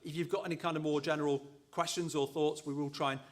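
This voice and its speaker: A man's voice: on the high side, level tone, fast talker. A man co-hosting a live university show, chatty and loose, with lots of fillers and restarts. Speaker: co-host, associate dean.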